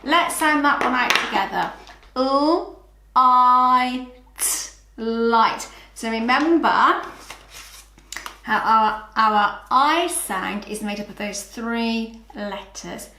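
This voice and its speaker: A woman's voice: a little high, expressive, takes it slowly, bright, forceful tone, roomy sound, slight background noise. A woman with a British accent teaching children phonics, patient and encouraging, sounding out letters one by one. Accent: British English. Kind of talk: slow, clear early-years phonics lesson.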